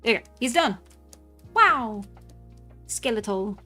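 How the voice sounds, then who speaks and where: A woman's voice: on the high side, expressive, takes it slowly, pushed and bright. A woman chatting casually with her stream audience while she draws, giggling often and reacting to chat. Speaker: live-streaming artist. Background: faint background music.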